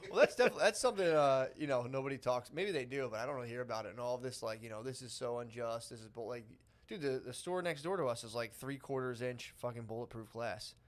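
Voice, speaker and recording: A man co-hosting a podcast in casual chat, telling stories and swearing freely. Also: medium pitch. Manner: fast, swearing, storytelling. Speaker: podcast co-host.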